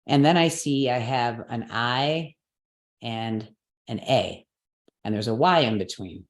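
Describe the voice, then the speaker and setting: A woman's voice: a bass voice, takes it slowly. A woman teaching Sanskrit pronunciation rules in an explanatory class, patiently checking that her students follow along. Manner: patient, checks understanding with frequent "right?" and "okay". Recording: roomy echo.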